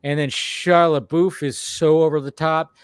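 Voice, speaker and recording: Host, male, higher-pitched voice, rambling and profane, close dry mic. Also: steady tone, unhurried, clear, resonant tone, dry recording. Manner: rambling, profane, repeats himself. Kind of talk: casual film discussion.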